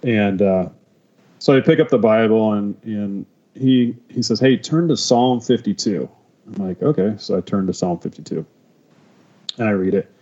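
A man tells his faith testimony as a podcast guest, stumbling and restarting as the emotion comes through. His voice is low and mellow. The recording sounds a little dull and muffled. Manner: emotional, halting, many restarts. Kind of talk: personal testimony.

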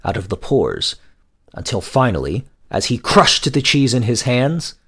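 A man narrating a scripted folk tale in a measured storytelling manner. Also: fairly low pitch, fairly bright tone, breathy edge.

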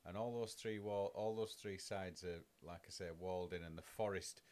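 A man's voice: sits low, steady tone, normal speed, darkish tone. A man, co-hosting a podcast in casual chat, blunt and teasing, swearing freely. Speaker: podcast co-host.

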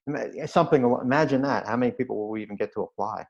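A man's voice: medium pitch, very fast, gravelly, hardly any pauses, muffled recording. A man guest explaining firefighter fitness in earnest detail with dry humor. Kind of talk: podcast interview.

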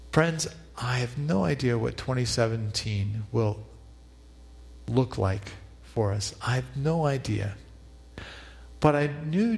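A male pastor delivers a reflective sermon, pausing to lead the congregation in repeated prayer. His voice sits at an ordinary pitch for a man. It carries a long reverb, as if recorded in a large hall. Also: gravelly.

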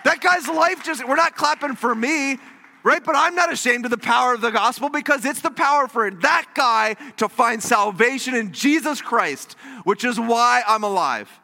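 A man's voice: very high voice, normal speed, vocal fry, long reverb tail. A man preaching a sermon as pastor in a church, telling stories animatedly and acting out the quotes. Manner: animated storytelling with acted-out quotes. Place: church sanctuary.

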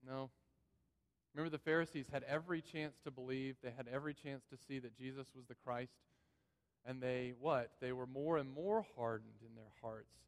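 A pastor delivers an earnest sermon at normal speed in a mid-range voice, leaning on repeated key phrases. The church sanctuary gives the recording a long, echoing reverb.

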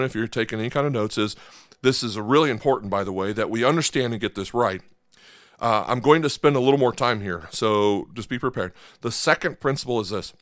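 A man's voice: on the low side, fairly bright tone, no echo, studio quality. A man, a pastor, preaching a conversational sermon and checking in with his listeners. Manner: conversational, asks the congregation for agreement.

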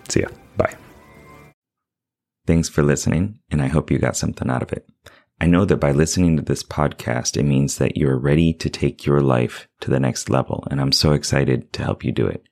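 A man's voice: very deep voice, steady tone, normal speed, creaky, a little mellow, soft background music. A man who works as a life coach, talking through a self-help podcast episode in an earnest, casual way with lots of fillers.

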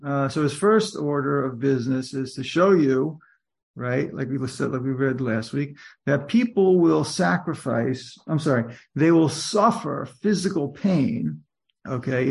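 A man's voice: mid-range voice, creaky, darkish tone. A man, a rabbi, giving an informal lecture to a study group, thinking aloud with many restarts and rhetorical questions. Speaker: rabbi teaching a text class.

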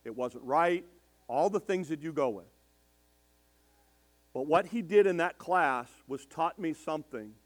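An older man preaching in a storytelling way, emphatic and slowing down to stress his points. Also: medium pitch. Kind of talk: storytelling sermon.

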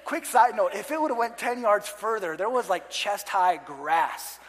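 A pastor in his thirties tells a comic story from the stage, animated and self-mocking, acting out quotes and shouting at the peaks. His voice sits fairly high. A long reverb from the big hall trails each phrase. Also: a little slow, a little hiss or hum. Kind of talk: storytelling sermon.

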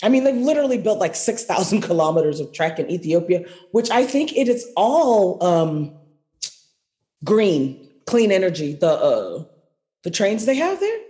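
A woman co-hosting a podcast in loose, rambling chat. She laughs often and lets her sentences wander. Her voice sits at a middle pitch. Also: sing-song, normal speed, dark tone. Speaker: podcast co-host. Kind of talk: casual political chat.

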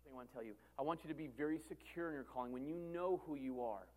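A man in his thirties preaches a sermon earnestly and fast, his pitch in the medium range. Phrases recur for emphasis, and his delivery swings from loud to soft.

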